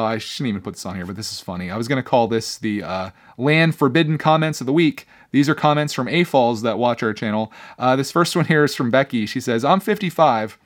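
A young man hosting his own podcast, talking casually and earnestly, with many fillers and restarts, reading out viewer comments. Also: medium pitch. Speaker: podcast host. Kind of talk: casual solo podcast talk.

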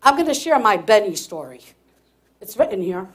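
A woman pastor preaching a sermon, telling a personal story in an animated way, laughing and breaking into shouts. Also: mid-range voice, moderate pace, husky.

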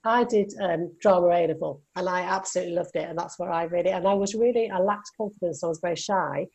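An Englishwoman hosts an interview, affirming her guest and sharing memories of her own. Her voice is low and gravelly, with a husky, breathy edge. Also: fast, a little mellow. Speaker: interview host. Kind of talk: casual interview chat.

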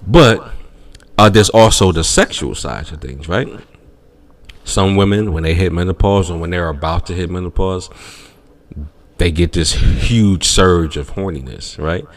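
A man co-hosting a podcast, telling a comedic story in casual chat and acting out other people's voices. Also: a little slow. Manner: animated, acts out voices in shrieking high tones. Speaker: podcast co-host.

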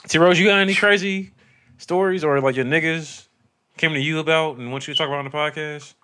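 A man's voice: on the high side, steady tone, fairly quick, sharp tone. A man co-hosting a casual podcast, laughing easily and swearing freely as he talks. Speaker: podcast co-host. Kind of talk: casual chat.

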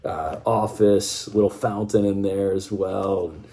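A man's voice: low voice, fairly even intonation, a little slow, mellow. A man telling a vivid story that puts the listener in the scene, speaking straight to them. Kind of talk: vivid second-person storytelling.

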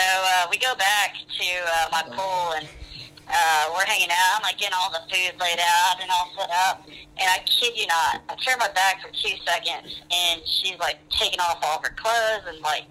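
A man's voice: high-pitched, unhurried, pushed and bright, a little hiss or hum. A man calling in to a radio show, rambling through a story with many fillers, heard over a phone line. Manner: rambling, lots of "I was like" and "uh". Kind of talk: casual storytelling.

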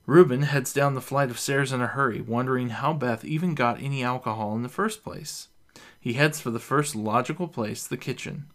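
A man reads a fantasy story aloud with a middle-pitched voice. He keeps a steady, even storytelling pace. It sounds like an audiobook. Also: normal speed. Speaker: narrator.

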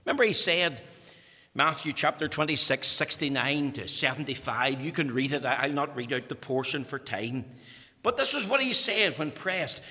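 A man preaching a fervent sermon, swinging between loud declarations and hushed whispers. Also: a little high, lively intonation, normal speed, in a large hall.

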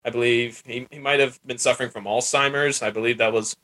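Hosting a laid-back podcast, this man wanders through his talk and laughs while acting out scenes in different voices. His mid-range voice has fairly even intonation, a slightly quick pace and a bright, forceful tone.

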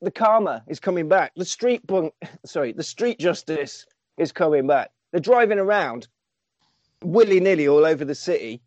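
A man's voice: on the high side, lively intonation, moderate pace, a little mellow, no room sound. A man, animatedly recapping a film on a podcast and swearing casually. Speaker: podcast host. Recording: dull lo-fi dry sound.

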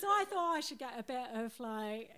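A middle-aged woman speaks slowly and proudly about her sons, giggling along the way. Her voice is high and swings a lot in pitch. Steady noise sits behind her. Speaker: mother of a guest.

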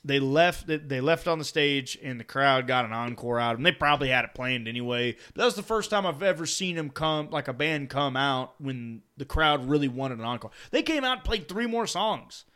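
A man's voice: mid-range voice, lively intonation, brisk, hardly any pauses, sharp tone, smooth. A young man, telling rambling, profane stories as a podcast host. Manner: rambling storyteller, profane, laughs at own stories. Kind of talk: casual chat.

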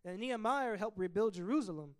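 A man leading a Bible study, teaching in an animated way and acting out biblical figures in quick asides. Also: high-pitched.

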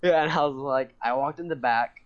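A young man telling a long story in casual chat, rambling and animated, swearing and laughing often. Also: mid-range voice, fairly quick, a crowd in the background. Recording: dull lo-fi sound.

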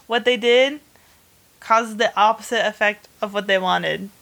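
A woman's voice: medium pitch, measured pace, creaky, a bit bright. A woman hosting a casual chat, telling a history story in a rambling, chatty way full of fillers and bursts of humor. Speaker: host.

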